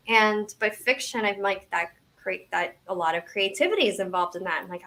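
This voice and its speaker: A woman's voice: mid-range voice, lively intonation, sharp tone. Woman about 40 chatting as a guest, keeps restarting sentences, pokes fun at herself. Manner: halting and self-deprecating, with frequent restarts. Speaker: interview guest, memoir author. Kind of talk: casual interview chat.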